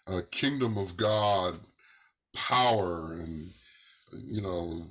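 A man telling a church testimony in a halting, unhurried way, pausing and restarting, his voice climbing as the story excites him. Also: deep voice. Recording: muffled lo-fi recording.

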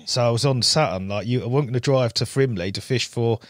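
A man's voice: mid-range voice, brisk, no echo, studio quality. A man, a guest on a podcast, telling stories in casual chat and laughing often. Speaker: guest angler. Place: podcast studio.

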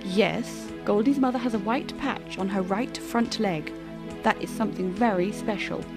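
Hushed, worried old tree, as a woman voices it. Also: mid-range voice, normal speed, music in the background, lightly acted. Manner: hushed and anxious.

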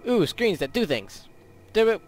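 Goofy teenage boy gamer, lively pitch. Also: measured pace. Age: teens. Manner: goofy, rambling, sound effects and silly voices. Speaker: gaming YouTuber. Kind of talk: casual gameplay commentary.

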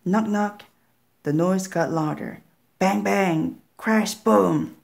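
A woman narrating a children's story slowly and clearly, as a reading for learners. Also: fairly low pitch, darkish tone. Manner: slow, clear, deliberate.

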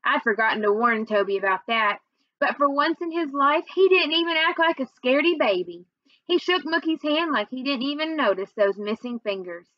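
A woman's voice: high voice, lively intonation, normal speed, no room sound, highs cut off. A woman teacher reading chapters of a novel aloud to her students, summing up first with many fillers before reading on steadily. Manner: recaps with many fillers, then reads steadily.

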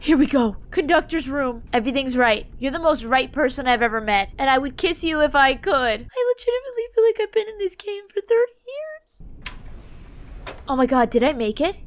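A woman's voice: high voice, big pitch swings, a little fast. A young woman commentating her own horror game playthrough, dramatic and jokey, shrieking when startled. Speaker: gaming YouTuber. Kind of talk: let's play commentary.

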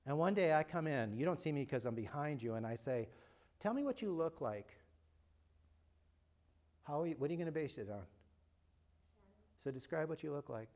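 A man's voice: on the high side, quick pace. A man giving a talk at a parent workshop, asking the audience questions and joking with them. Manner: animated, asks the audience questions, jokes. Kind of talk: lively talk to a live audience. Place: room with a live audience.

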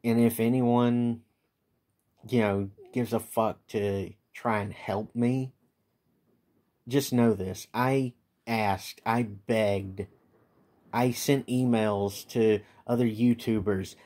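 Man, vlogger, late-night rant; slow, halting delivery, bitter and profane. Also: medium pitch, fairly even intonation, warm tone. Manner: bitter, profane and resentful, with many halting restarts. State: tired. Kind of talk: late-night venting monologue.

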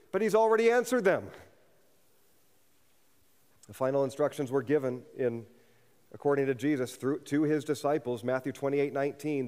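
A man's voice: medium pitch, moderate pace, pauses often, a little mellow. A man preaching a sermon as a pastor, earnest and building to fervent emphasis. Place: church sanctuary. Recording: long reverb of a church hall.

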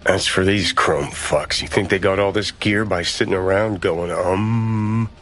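A cynical, mocking male mercenary in a video game. His voice is very deep and sneering, with clear music in the background. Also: fairly even intonation, unhurried, fairly bright tone.

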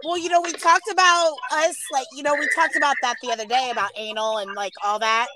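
A woman's voice: high-pitched, steady tone, fast, a loud crowd, low-quality recording. A woman chatting casually and frankly, rambling and swearing as she tells her story. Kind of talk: casual chat, live stream.

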